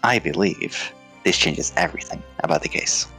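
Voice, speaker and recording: A man voicing an earnest, determined young defense lawyer, reading game lines over soft game music. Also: low-pitched, moderate pace. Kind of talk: voicing game dialogue on a stream.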